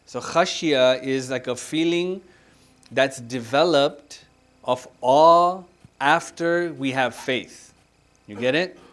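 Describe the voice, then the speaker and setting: A man leading a religious grammar class, asking his students questions, repeating their answers and reciting scripture quickly. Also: medium pitch, a bit bright, soft background music. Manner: recites Quranic Arabic quickly. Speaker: religious teacher. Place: mosque centre classroom.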